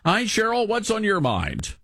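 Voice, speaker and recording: Brief: male talk-radio host, slightly high voice with a swinging, animated delivery, sarcastic commentary, dry studio mic. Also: measured pace, vocal fry, no room sound. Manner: sarcastic, mocking asides and fake coughing fits. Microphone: studio microphone.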